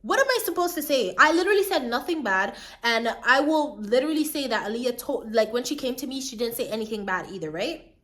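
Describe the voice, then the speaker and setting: A young woman from Jamaica, telling a storytime in a chatty, animated way. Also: on the high side, brisk. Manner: chatty, animated, keeps asking "you get what I mean". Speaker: vlogger. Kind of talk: casual storytime chat.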